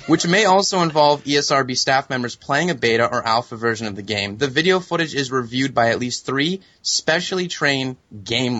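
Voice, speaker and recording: A man's voice: mid-range voice, pushed and bright, no room sound. A young man co-hosting a gaming podcast, delivering an emphatic, sardonic rant. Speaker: podcast co-host. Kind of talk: ranting commentary. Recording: dull lo-fi sound.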